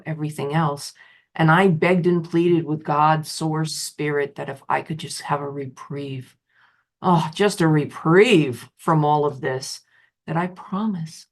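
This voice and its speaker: A middle-aged woman who works as a betrayal recovery specialist gives an emotional personal testimonial about her own story. She repeats phrases and pushes her pitch sharply upward for emphasis.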